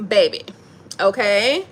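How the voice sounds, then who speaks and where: A woman giving a casual, playful tarot reading, talking in an animated way full of slang and laughter. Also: medium pitch, slow pace. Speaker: tarot reader.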